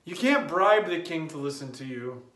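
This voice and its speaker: Man, devotional speaker, high voice, slow and reflective, echoey room. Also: lively intonation, fairly bright tone. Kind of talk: spoken daily devotion.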